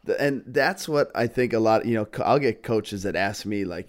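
A man's voice: on the low side, brisk, few pauses. A man hosting a podcast, friendly and affirming, chatting casually with his guest. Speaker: podcast host. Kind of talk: casual interview chat.

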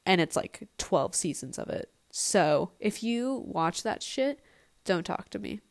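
Her voice is mid-range and gravelly, with lively intonation and a slightly slow pace. She's a young woman hosting a casual podcast on her own, rambling bluntly and swearing, with no proper mic.

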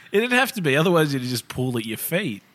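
Joking man with a bright voice. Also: a little high, very animated. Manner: quick jokey interjections, laughs often. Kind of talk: casual banter.

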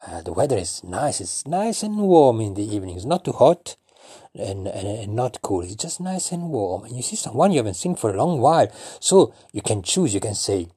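Husky, lively man teaching. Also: on the low side, normal speed, no room sound, studio quality. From Italy. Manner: animated, acts out greetings with exaggerated exclamations. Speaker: language teacher. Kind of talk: informal language lesson.

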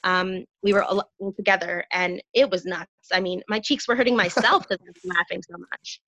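A woman guest in a casual conversation, chatty and jokey, quick to laugh. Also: medium pitch, fairly even intonation, fairly bright tone.

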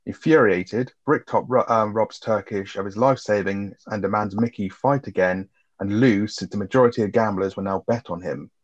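A man's voice: lowish voice, normal speed. A man co-hosting a film review podcast, casually recapping plot and swearing freely. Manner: laid-back, swears freely, summarizes plot. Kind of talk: casual chat. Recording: dull lo-fi sound.

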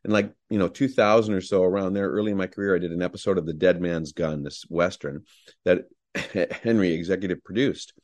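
A middle-aged male actor appears as a guest, telling enthusiastic, rambling anecdotes full of fillers. His voice is low, a little mellow, and moderately paced.

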